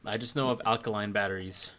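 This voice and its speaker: A man's voice: on the low side, fast talker. A man co-hosting a podcast, tossing in jokey asides during casual chat. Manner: wisecracking, deadpan jokes. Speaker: podcast co-host.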